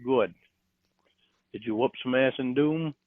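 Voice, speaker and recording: A man coaxes and flirts casually during a recorded phone call. His voice comes through a tinny, dry phone line that cuts off the highs and lows. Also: unhurried, no room sound.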